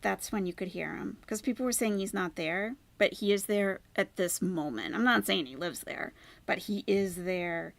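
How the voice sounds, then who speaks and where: A woman with a gravelly, creaky voice hosts a reaction commentary, sarcastic and critical. She sometimes drops into hushed asides, and her voice sounds dry and close. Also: medium pitch, normal speed, no echo. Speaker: commentary channel host.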